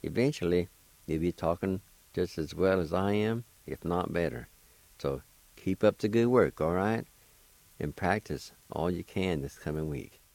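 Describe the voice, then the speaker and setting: Slow, deep-voiced patient male radio teacher. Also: gravelly, no echo, low-quality recording. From Oklahoma, United States. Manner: patient, encouraging, gently joking. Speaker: radio host teaching language. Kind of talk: slow spelling and pronunciation lesson.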